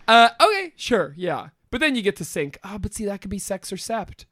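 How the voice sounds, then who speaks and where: A man co-hosting a podcast, chatting casually with a very lively, swooping pitch. He jokes, laughs often and drops the odd swear word. The sound is dry and close, with no room echo. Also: normal speed. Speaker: podcast co-host. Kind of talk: casual chat.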